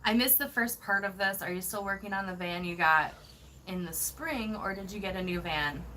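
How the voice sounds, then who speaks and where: A woman's voice: mid-range voice, normal speed, sharp tone, slight background noise, poor audio. A woman hosting a casual van-life livestream, reading viewer comments and gushing with thanks, laughing often.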